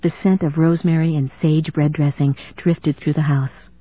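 Brief: low-ish, husky female audiobook narrator, steady delivery, thin phone-like sound. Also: normal speed, no room sound. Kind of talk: scripted narration. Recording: dry tinny phone-like sound.

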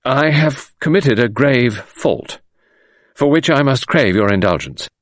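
A man reading an audiobook voices an earnest, embarrassed young English gentleman who confesses a mistake apologetically. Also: medium pitch, expressive, a little slow, no room sound, studio quality, pitched above the performer's own voice, lightly acted. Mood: apologetic.

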